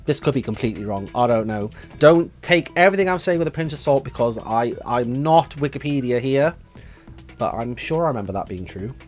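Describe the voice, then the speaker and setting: A man's voice: mid-range voice, expressive, brisk, soft background music. A young man hosting a casual live stream, musing aloud and reading viewers' chat messages from a desk mic at home. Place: room at home with his dog.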